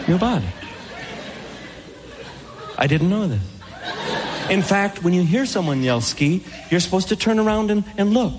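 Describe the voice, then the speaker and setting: A man performing a stand-up comedy routine, breaking into shouted high-pitched voices for his punchlines. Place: comedy venue with live audience. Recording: live crowd noise and hiss. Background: audience laughter.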